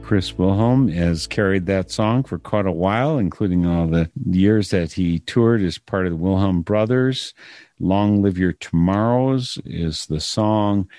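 A man's voice: low-pitched, a little mellow, dry recording, studio quality. A man hosting an interview who asks questions in a playful, teasing way. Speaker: radio interview host. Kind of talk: conversational interview.

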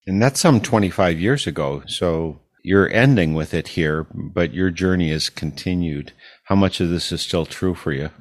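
A man's voice: low-pitched, moderate pace, dry recording. A man from Wisconsin hosting a casual radio interview with a musician, curious and chatty. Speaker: radio host.

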